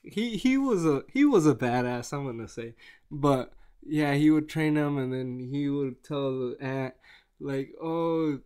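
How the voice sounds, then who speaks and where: A man chatting casually on camera in a rambling, excitable way, with many restarts. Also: mid-range voice, measured pace, smooth. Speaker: vlogger reviewing a movie. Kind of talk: casual chat.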